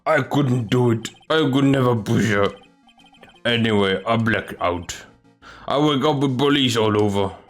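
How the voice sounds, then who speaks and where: A man voicing a desperate, grieving convict who speaks in halting, broken English. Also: mid-range voice, soft background music, close to an everyday voice.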